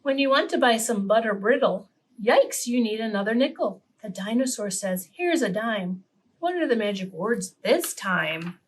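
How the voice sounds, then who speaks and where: A woman reading a picture book aloud to preschool children, animated and pausing to ask her young listeners questions. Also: a little high, slight background noise. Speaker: children's story reader.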